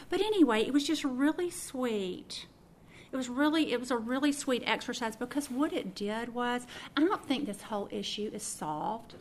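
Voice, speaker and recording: Middle-aged woman preaching casually, bit high voice, acts out her thoughts, faint hiss behind. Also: moderate pace. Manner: animated, acts out her own thoughts and laughs. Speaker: speaker teaching a prayer practice. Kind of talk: informal sermon storytelling.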